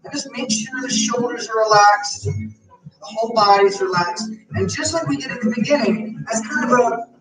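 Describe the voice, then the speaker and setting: A man with a high voice leads a gentle chair yoga class, calmly talking students through slow breathing. He sounds set back from the mic in an echoey room. Soft guitar music plays behind him. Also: far from the mic. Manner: calm, slow guiding cues. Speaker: yoga instructor. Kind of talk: guided chair yoga relaxation.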